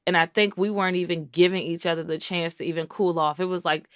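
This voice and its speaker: Earnest woman with a lowish voice. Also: fast, no room sound, studio quality. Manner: earnest, animated, frequent "like" and "you know". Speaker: podcast co-host. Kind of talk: casual chat.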